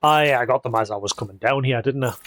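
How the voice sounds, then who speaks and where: A man's voice: medium pitch, fast talker, a bit bright. A man chatting casually as he streams a video game, thinking aloud in an easygoing way. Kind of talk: casual live-stream commentary.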